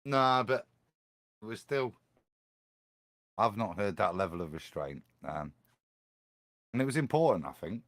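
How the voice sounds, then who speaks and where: A man on a live-stream panel chatting in a rambling, animated way. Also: fairly low pitch, measured pace, long pauses, dry recording. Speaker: panel guest.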